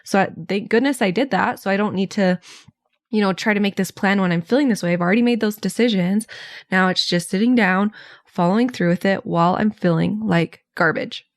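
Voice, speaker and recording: A woman's voice: mid-range voice, a little fast, no room sound, studio quality. A woman hosting her own podcast, talking candidly and chattily about a grumpy morning, with the odd laugh. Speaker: podcast host. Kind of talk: casual solo podcast monologue.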